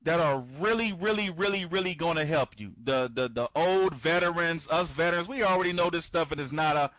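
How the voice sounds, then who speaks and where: A man's voice: fairly high pitch, brisk, fairly bright tone, no room sound, lo-fi sound. A man hosting an online members' conference, rambling and repeating himself, stammering through restarts and greeting attendees by name. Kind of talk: live webinar talk.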